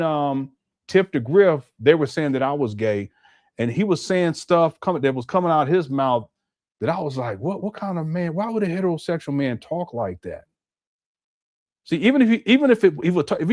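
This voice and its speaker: A man's voice: fairly high pitch, darkish tone, no echo, clean studio sound. A man chatting casually on a live stream, musing aloud and repeating himself as he comments. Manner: rambling, musing, with a lot of repetition.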